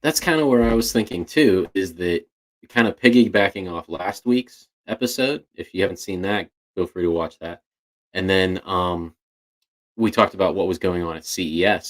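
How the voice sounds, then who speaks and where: A man co-hosting a podcast chats casually, thinking out loud and restarting his sentences often. His voice sits low and his pace is moderate.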